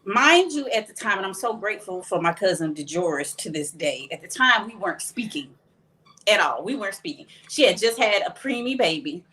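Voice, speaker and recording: A woman's voice: medium pitch, sing-song, a little fast, sharp tone, slight background noise. A woman from Texas speaks as a guest on a podcast, telling her own story. Her delivery is candid and plain-spoken, and she slips into the voices of the people in the story as she goes. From Texas, USA.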